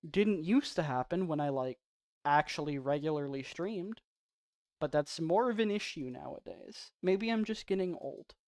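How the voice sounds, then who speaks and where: A man's voice: a little high, animated, normal speed, no echo. A man streaming a game, chatting casually and rambling in a self-deprecating way. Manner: soft-spoken off stream. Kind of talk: casual livestream chat.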